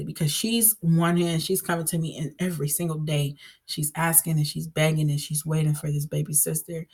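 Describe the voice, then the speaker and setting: A woman's voice: lowish voice, slightly rough. A woman vlogger giving a casual personal faith testimony, earnest and rambling, with many fillers and restarts.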